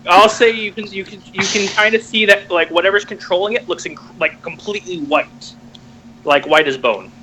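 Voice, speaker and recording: A man narrating a tabletop game as game master, halting with many fillers and restarts. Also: high voice, bright, forceful tone, low-quality recording.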